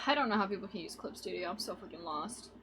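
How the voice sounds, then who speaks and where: A woman's voice: medium pitch, animated, quick pace, fairly bright tone, a little hiss or hum. A young woman streamer in casual, rambling chat with her viewers, laughing often as she talks. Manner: rambling and giggly, chatting with viewers.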